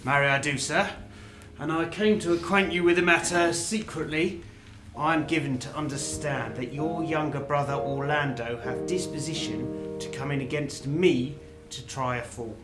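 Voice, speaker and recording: A man's voice: a little high, normal speed, roomy sound, music in the background, close to an everyday voice. Man playing an earnest court wrestler. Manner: earnest, storytelling. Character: loyal wrestler bringing court news. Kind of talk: amateur stage acting.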